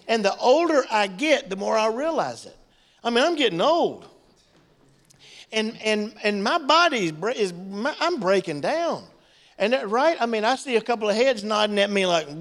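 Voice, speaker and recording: Middle-aged pastor guy preaching, raspy edge, gets loud then goes soft. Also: high voice. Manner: animated, swings from loud outbursts to quiet emotional asides. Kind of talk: sermon. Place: church.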